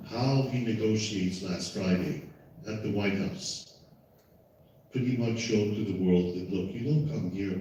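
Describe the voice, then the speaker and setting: A man's voice: lowish voice, warm tone, slight background noise. Emphatic man moderating a panel. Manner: emphatic and repetitive, insistent. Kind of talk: live panel event. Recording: echoey hall from far off.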